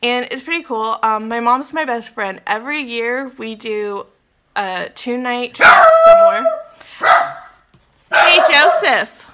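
A woman's voice: a little high, big pitch swings, measured pace, a bit bright, slight background noise. A young woman vlogging from her condo, chatting in a scattered, giggly way with plenty of ums and apologies. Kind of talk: casual rambling vlog chat.

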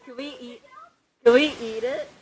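A woman's voice: on the high side, fairly even intonation, moderate pace, noisy background. A woman vlogging outdoors in fresh snow on a handheld phone, giddy and squealing, laughing and repeating herself. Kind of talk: excited home video chat.

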